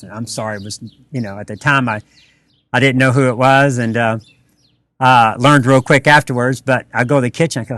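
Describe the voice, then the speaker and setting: Speaking fast in a steady, fairly bright, medium-pitched voice, this man with a Texan accent co-owns a restaurant and is a podcast guest. In a casual interview, he spins meandering stories packed with fillers and acts out what people said.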